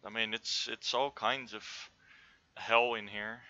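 A young man cracking jokes in relaxed gaming banter, his voice sharp and very bright. He sits a little low and comes through a dull, lo-fi voice-chat line. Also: takes it slowly, no echo. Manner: joking, laughing, wisecracks. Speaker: gamer.

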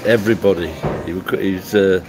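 A man's voice: sits low, steady tone, moderate pace, over music, poor audio. A middle-aged man from England chatting casually on a livestream, rambling and swearing bluntly as he answers comments. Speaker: livestream host.

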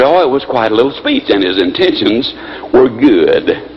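A man giving a motivational speech, telling stories in an animated, folksy way, on a dull lo-fi recording with faint hiss. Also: mid-range voice, moderate pace. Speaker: motivational speaker.

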